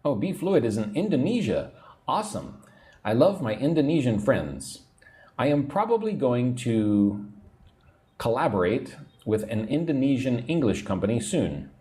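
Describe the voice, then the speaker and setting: A man teaching an English lesson on a livestream, chatting, reading out viewer comments, and drilling words slowly. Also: medium pitch, very animated, warm tone. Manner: chatty, reads viewer comments aloud, slow drilled pronunciation.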